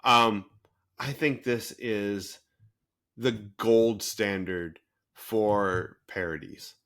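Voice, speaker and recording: A man co-hosting a podcast, talking in a casual, animated way with many fillers. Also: fairly low pitch, drawn-out words. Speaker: podcast co-host. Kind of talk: casual chat.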